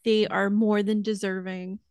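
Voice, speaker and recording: A woman co-hosting a podcast in casual chat, excitable and gushing, swearing freely. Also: medium pitch, unhurried, clean tone, dry recording, studio quality. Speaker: podcast co-host.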